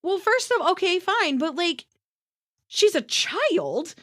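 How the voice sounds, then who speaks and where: A woman's voice: extremely high pitch, sing-song, takes it slowly. A woman co-hosting a podcast, telling a story in a heated, profane rant. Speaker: podcast co-host. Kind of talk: casual chat.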